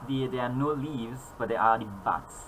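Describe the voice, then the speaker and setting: A man's voice: medium pitch, moderate pace, a bit bright, a little hiss or hum, low-quality recording. A man narrating as game master, rambling with frequent fillers and restarts.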